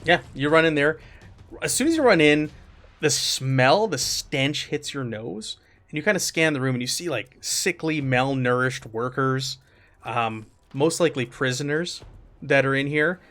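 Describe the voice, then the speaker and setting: A man narrating and running a tabletop game as game master, talking in a relaxed way with many fillers. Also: mid-range voice, a little slow. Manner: relaxed, filler-heavy descriptions.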